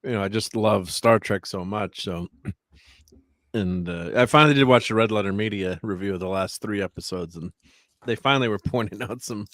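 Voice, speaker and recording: A man's voice: lowish voice, normal speed, a bit bright, no echo, studio quality. A man in casual chat as a podcast co-host, rambling and laughing often.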